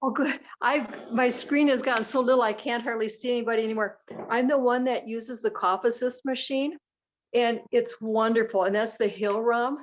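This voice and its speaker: A woman's voice: a little high, fairly even intonation, normal speed, low-quality recording. An older woman on a video call in a support group, chatting in a plain, homely way. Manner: plain-spoken, chatty storytelling.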